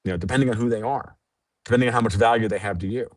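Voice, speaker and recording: A man's voice: medium pitch, steady tone, racing, dry recording. A man speaking as a podcast guest in casual chat, explaining things bluntly and freely, with some swearing. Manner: blunt, profane, freewheeling explaining.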